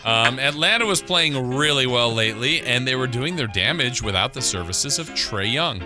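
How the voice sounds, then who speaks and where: A man co-hosting a sports radio show, reading a game recap in a steady, dry way. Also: mid-range voice, moderate pace, over music. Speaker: radio co-host. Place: radio studio.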